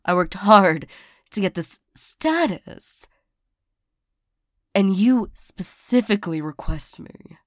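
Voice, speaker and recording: A young woman playing the listener's hurt ex-lover turned bodyguard in an audio role-play. She talks haltingly, stammering and sighing often. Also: mid-range voice, animated, dry recording, clean studio sound. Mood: indignant. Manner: halting, stammering, frequent sighs.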